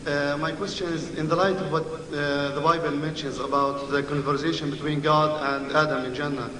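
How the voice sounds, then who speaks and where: A man's voice: fairly high pitch, level tone, normal speed. A man in the audience asking a question at a lecture, hesitant and full of fillers. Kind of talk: question from the floor. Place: large lecture hall. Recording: distant mic in echoey hall with faint noise.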